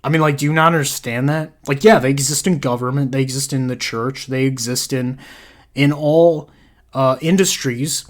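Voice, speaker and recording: Low-voiced woman ranting profanely. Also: moderate pace. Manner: crude, insult-heavy, sarcastic. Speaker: commentary channel host. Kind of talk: profane reaction rant.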